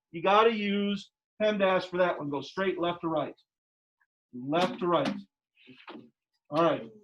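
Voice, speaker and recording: High-voiced man teaching math in class. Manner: emphatic, repeats questions to the class. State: out of breath behind a face mask. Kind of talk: classroom lecture. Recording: dull lo-fi classroom audio.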